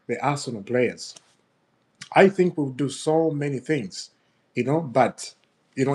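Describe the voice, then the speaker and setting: Fuming, animated man ranting about football. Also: mid-range voice. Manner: animated, laughing, repeats himself. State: upset, fuming. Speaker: football fan channel host. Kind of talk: ranting video commentary.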